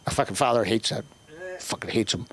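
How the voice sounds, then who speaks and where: An older man doing profane, rambling stand-up comedy at an open mic, with sudden shouted bursts. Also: fairly low pitch, fairly quick. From Northern Ireland.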